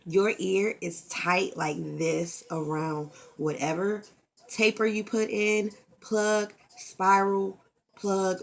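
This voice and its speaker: Candid gravelly-voiced woman vlogging. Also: fairly low pitch. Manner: candid, expressive, swears freely. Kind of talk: casual vlog talk.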